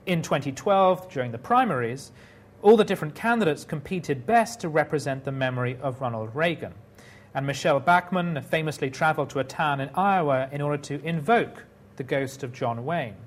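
A man's voice: a little high, animated, a little fast. A man giving a prepared public talk, telling stories in a wry way with dry humor.

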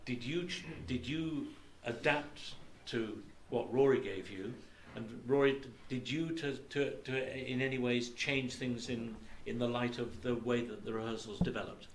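A man moderating a panel discussion, asking questions in a hesitant, halting way. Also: mid-range voice, fairly even intonation, slight background noise. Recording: echoey hall, faint ambience.

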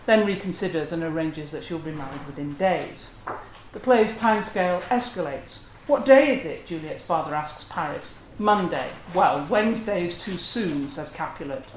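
A lecturer talks through a literary analysis in a measured, scholarly way, at a mid-range pitch. The voice rings out in a roomy space, and a faint hiss sits underneath. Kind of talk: academic lecture. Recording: roomy echo.

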